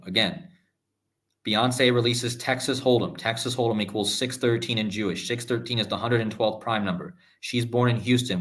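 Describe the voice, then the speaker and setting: A man's voice: on the low side, a bit bright. A man hosting a live stream, talking insistently to his viewers, repeating himself often and stopping to restart his sentences. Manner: insistent, repeats "okay?" and "guys", halting restarts. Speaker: numerology video host. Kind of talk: live-stream screen-share monologue.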